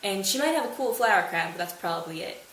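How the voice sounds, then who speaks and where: A woman's voice: medium pitch, animated, fast, a bit bright. A woman hosting a casual study retelling, jokey and sarcastic. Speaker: host. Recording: roomy, distant mic, faint hiss.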